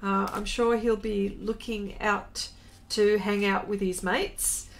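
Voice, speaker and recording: A middle-aged woman artist chatting casually on a live stream while she draws, reading viewer comments aloud in an unhurried way. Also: mid-range voice, level tone, creaky. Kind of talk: casual chat while drawing.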